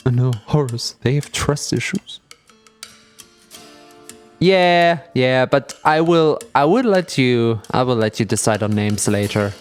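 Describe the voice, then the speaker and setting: A streamer chatting casually and playfully during a gameplay livestream. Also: medium pitch. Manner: playful and animated, with silly meowing bits.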